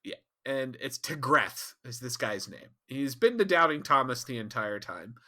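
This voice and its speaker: Podcast host guy, bright voice, swears a lot and keeps laughing. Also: medium pitch, normal speed. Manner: animated, profane, laughs often. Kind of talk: casual chat.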